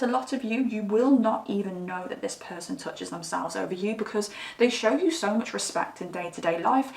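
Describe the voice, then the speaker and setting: A woman's voice: medium pitch, creaky. Woman tarot reader, chatty and giggly, recorded from a distance in a reverberant room. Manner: giggly, chatty, breaks into laughter. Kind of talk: casual tarot reading monologue. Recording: echoey room, mic at a distance.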